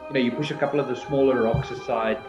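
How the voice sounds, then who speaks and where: A man acts as game master of a tabletop game, talking through the scene with frequent fillers. The audio sounds roomy and lo-fi. Clear background music runs under it. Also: medium pitch, steady tone, fast talker. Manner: hesitant, many fillers. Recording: echoey dull lo-fi audio with music.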